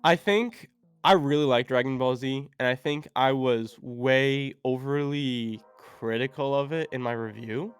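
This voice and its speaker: A man's voice: mid-range voice, unhurried, smooth. Rambling, hesitant male podcast guest. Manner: rambling, hesitant, many fillers. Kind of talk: casual podcast chat.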